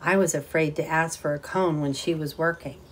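Lady reader doing a shy sad young woman, soft and hesitant, kinda teary sounding. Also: low voice, steady tone, normal speed, slight background noise, natural voice. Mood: sad wistful. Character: sad young woman clerk, tearful and timid.

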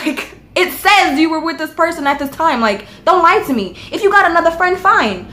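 A woman's voice: very high-pitched, animated, moderate pace, sharp tone. A young woman vlogging in casual chat, talking bluntly and swearing freely as she rants. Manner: blunt, profane, ranting.

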